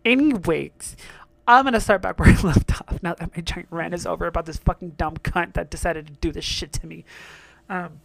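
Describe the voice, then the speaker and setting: A man's voice: fairly high pitch, moderate pace, vocal fry, fairly bright tone, no room sound. Blunt, foul-mouthed young man ranting. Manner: blunt, profane, heated and exasperated. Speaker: solo podcast host. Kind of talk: casual rant monologue.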